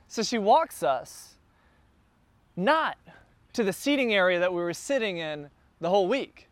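A man telling a casual travel story, chatty and getting more excited as he goes. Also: high-pitched, unhurried, dry recording.

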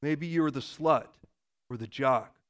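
A man in his forties preaching a sermon in a church, earnest, asking rhetorical questions and dropping to a soft voice for emphasis. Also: medium pitch, slow pace. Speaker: pastor.

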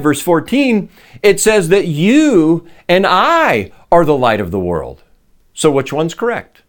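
A man preaching a sermon in a conversational way, asking rhetorical questions and adding light laughs. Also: on the high side. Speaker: pastor.

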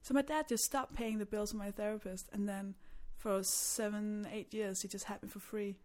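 A woman's voice: medium pitch, steady tone, moderate pace, darkish tone. A young adult woman from Denmark, a stand-up comedian chatting candidly and self-deprecatingly as a podcast guest. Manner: candid, self-deprecating storyteller who laughs often. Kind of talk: casual podcast chat.

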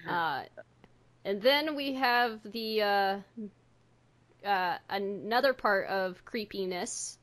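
A woman hosting a podcast who jokes and swears freely in relaxed conversation. She talks at an unhurried pace and laughs often. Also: medium pitch. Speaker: podcast producer and host. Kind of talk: casual podcast chat.

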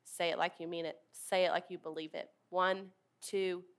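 A woman's voice: lowish voice, little pitch movement, moderate pace. A woman preaching a sermon in an earnest, emphatic way, leading her listeners to repeat words back to her. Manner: earnest, emphatic, leads the congregation in call-and-response.

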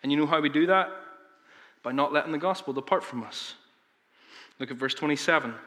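A man's voice: fairly high pitch, brisk, sharp tone. A man preaching a sermon as pastor, earnest and emphatic, with frequent fillers and restarts. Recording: long reverb of a large hall.

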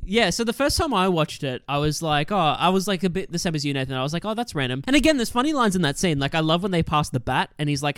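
Lively man chatting about a comedy film. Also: on the high side, fast, hardly any pauses, clean tone, no echo, clean studio sound. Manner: animated, acts out quoted lines with laughs. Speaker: podcast co-host. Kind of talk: casual movie chat.

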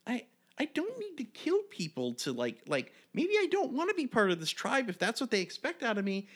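A man putting on a high, halting goblin voice. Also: wildly swooping pitch, exaggerated voice. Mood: earnest. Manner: halting, stammering, wondering. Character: naive soft-hearted male goblin, earnest.

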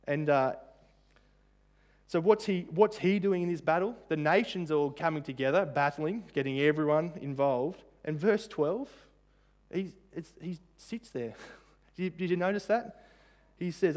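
Man preaching in a slightly high voice. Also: unhurried, darkish tone. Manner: conversational, with frequent fillers and rhetorical questions. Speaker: pastor. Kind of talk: sermon.

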